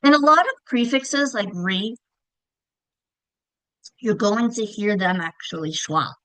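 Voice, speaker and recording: A woman's voice: mid-range voice, expressive, slow pace, fairly bright tone, dry recording, poor audio. A woman teaching reading instruction to teachers, patient and checking in often with "okay?" and "right?". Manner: demonstrates words by whispering, clapping and calling out. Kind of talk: teacher training lesson.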